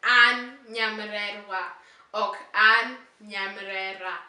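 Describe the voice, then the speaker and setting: A woman in a casual language lesson, repeating words slowly and carefully. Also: medium pitch, steady tone, bright, forceful tone, roomy sound, far from the mic. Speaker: co-host and learner.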